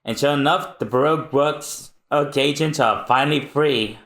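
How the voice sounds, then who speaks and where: A podcast co-host reading a manga aloud, narrating the panels between lines in an unhurried way. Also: mid-range voice, fairly bright tone.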